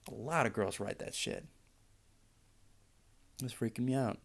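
A man's voice: medium pitch, unhurried. A man hosting a podcast, ranting casually in a sarcastic, exasperated way and swearing freely. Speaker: podcast host.

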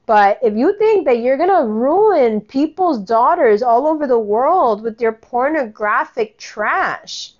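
A woman's voice: high voice, expressive, slow, few pauses, dull audio. A woman giving a casual commentary rant, blunt, sarcastic and full of swearing.

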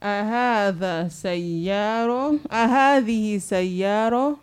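A woman's voice: mid-range voice, normal speed, clear, resonant tone. A woman student in an Arabic lesson, carefully repeating short words after her teacher. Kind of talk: repeating words in a language class.

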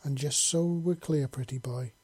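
A man's voice: mid-range voice, normal speed, a little mellow, breathy edge, close to an everyday voice. A man reading the lines of a caring young human woman, speaking in an earnest, reassuring way.

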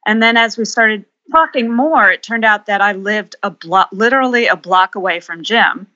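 Bright-voiced woman telling stories. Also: mid-range voice, moderate pace, lo-fi sound. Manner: anecdotal, with hesitant fillers. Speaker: guest photographer. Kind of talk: conversational storytelling.

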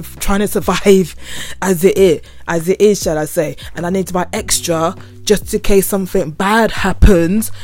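A young woman with a London accent, hosting her podcast as a casual solo rant full of slang. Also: on the low side. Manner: chatty, slangy, animated. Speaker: podcast host.

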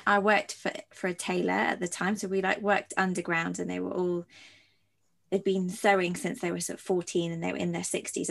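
Low gravelly woman host. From London. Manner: reflective, rambling with fillers. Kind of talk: conversational interview.

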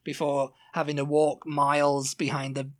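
A man co-hosting a podcast in casual chat, telling a story in an animated way and acting out the quotes. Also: a little high, moderate pace. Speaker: podcast co-host.

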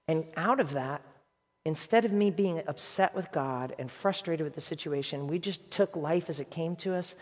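Emphatic man preaching in a hall. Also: medium pitch. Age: 50s. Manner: animated, emphatic storytelling. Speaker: pastor. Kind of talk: sermon.

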